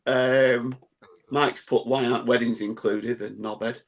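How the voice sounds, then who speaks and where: A man hosting a casual football podcast, reading out listener comments with dry, relaxed asides. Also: medium pitch, measured pace. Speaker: podcast host.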